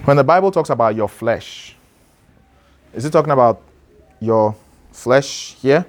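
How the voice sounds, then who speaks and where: A man's voice: mid-range voice, animated, a little slow. A man preaching an interactive sermon to a class, asking questions and calling on people to read. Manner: conversational, asks listeners questions and calls on them to read. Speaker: pastor teaching a class.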